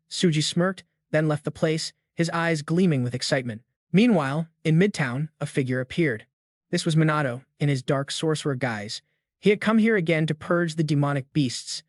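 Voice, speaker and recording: Guy narrating a comic recap, slightly high voice, dry close sound. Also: no echo. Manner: steady storytelling. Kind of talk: scripted story recap narration.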